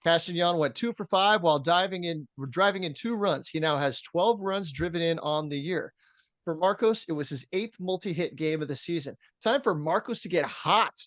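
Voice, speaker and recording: On a podcast, a co-host with a somewhat high voice talks baseball casually at a normal pace in a dry recording. He reads the stats out in a steady run, filling gaps with fillers.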